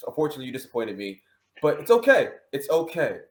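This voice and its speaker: A man's voice: medium pitch, very animated, fast talker. Playful male host, roomy echo. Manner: playful, self-mocking. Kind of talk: casual chat about music picks.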